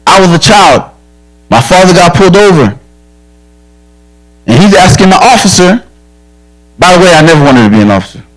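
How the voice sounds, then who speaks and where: Man, police officer, somewhat high voice, direct, earnest, frank, safety talk to kids. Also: very animated, moderate pace, long pauses, rough recording. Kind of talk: safety talk to children at a church camp.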